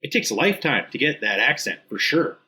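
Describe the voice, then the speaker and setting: A man's voice: mid-range voice, big pitch swings, a little fast, sharp tone. A man from Minnesota with a Minnesota accent, co-hosting a podcast in casual chat, dry, blunt and dismissive. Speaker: podcast co-host.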